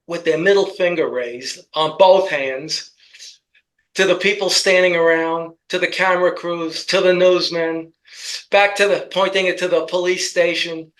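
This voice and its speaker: A man's voice: high voice, steady tone, unhurried, a bit bright, poor audio. A man with a New York accent in casual political commentary, telling rambling stories with jokes. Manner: rambling joking storyteller.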